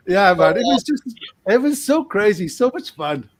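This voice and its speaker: A man with a fairly high voice tells a long anecdote as a podcast guest, his sentences restarting and spilling into each other. He breaks into laughter mid-phrase again and again and shifts his voice for the people he quotes. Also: big pitch swings, moderate pace. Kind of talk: casual storytelling.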